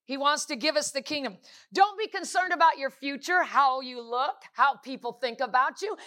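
High, bright-voiced woman preaching. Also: normal speed. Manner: emphatic and repetitive, full of rhetorical questions. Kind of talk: sermon.

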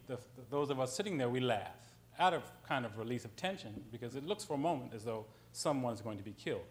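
A man's voice: mid-range voice, a little hiss or hum. Man telling a street anecdote. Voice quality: conversational, with frequent ums and self-corrections. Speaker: writer on a panel. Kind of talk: storytelling anecdote on a panel.

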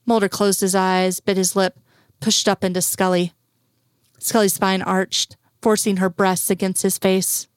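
A woman's voice: mid-range voice, level tone, unhurried, clean tone, no echo. Woman narrating in a dry, close voice. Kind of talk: reading a story aloud.

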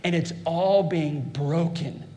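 A man's voice: a little high, slow, mellow, a little hiss or hum. A man preaching a fervent sermon as pastor, calling out to his congregation. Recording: long hall reverb.

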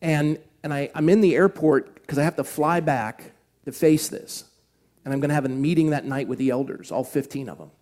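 A male pastor telling a personal story in a sermon, earnest, moving from animated retelling to slow, hushed emphasis. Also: fairly high pitch. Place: church.

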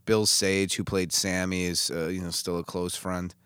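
Deep-voiced relaxed man in casual chat. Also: moderate pace, clean tone, dry recording, studio quality. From Chicago. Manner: relaxed, trailing off with fillers. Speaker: actor guest.

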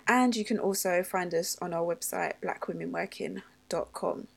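A woman's voice: lowish voice, unhurried, creaky. A woman hosting a podcast, upbeat and teasing, laughing often as she chats. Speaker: podcast host. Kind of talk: casual podcast chat.

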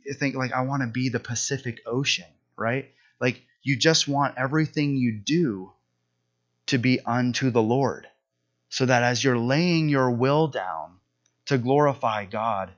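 A pastor in his thirties delivers his sermon as an earnest, conversational story. His voice sits at an ordinary middle pitch. The recording is dull and lo-fi. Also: fairly bright tone. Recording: dull lo-fi sound.

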